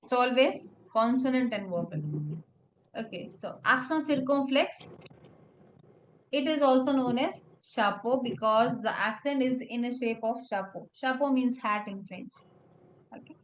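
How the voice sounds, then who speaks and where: A woman's voice: a little high, a little slow, a little hiss or hum, rough recording. A woman teaching French pronunciation in a one-on-one lesson, explaining patiently step by step. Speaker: French tutor.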